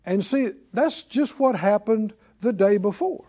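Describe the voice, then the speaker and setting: A man's voice: high-pitched, expressive, a little slow, warm tone. A man preaching a sermon, who keeps quizzing his listeners with "Huh?". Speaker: preacher and Bible teacher.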